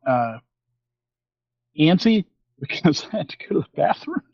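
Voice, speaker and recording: A man's voice: on the high side, big pitch swings, a little slow, gravelly, husky, no room sound, dull audio. Rambling man in his fifties, dry sound. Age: 50s. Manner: rambling, with many fillers and restarts, acting out quoted exchanges. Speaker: podcast co-host. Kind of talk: casual storytelling chat.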